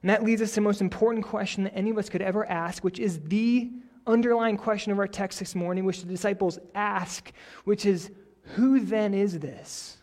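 High-voiced man preaching a lively sermon. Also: fairly quick. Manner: prays softly, then preaches with rising energy and animated stories. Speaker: pastor.

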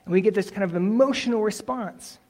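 A man preaching a sermon in a relaxed, conversational way, often acting out imagined replies. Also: high voice, brisk. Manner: conversational, self-correcting, uses imagined dialogue. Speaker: pastor.

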